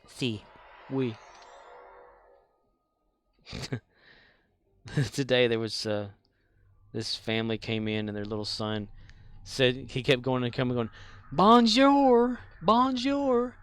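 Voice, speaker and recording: A man's voice: mid-range voice, fairly even intonation, slow, long pauses, a bit bright, clear, resonant tone, dry recording. A man casually chatting while he streams a space game, laughing often and answering his chat.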